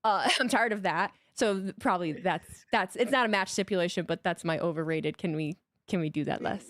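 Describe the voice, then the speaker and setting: A woman's voice: fairly low pitch, a little fast, a bit bright, no echo, clean studio sound. A woman co-hosting a podcast in casual chat, blunt and profane, laying out advice step by step. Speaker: podcast co-host.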